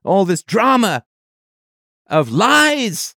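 A man's voice: high voice, very animated, very slow, bright, forceful tone, dry recording, clean studio sound. A man hosting a call-in advice show, talking in an impassioned way and stacking emphatic lists.

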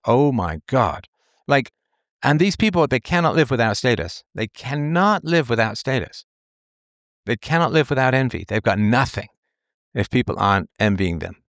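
A man's voice: mid-range voice, sing-song, moderate pace, fairly bright tone, no room sound, studio quality. A man delivering an opinion monologue as a commentator, rambling and emphatic, often repeating himself and brushing details aside. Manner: dismissive asides.

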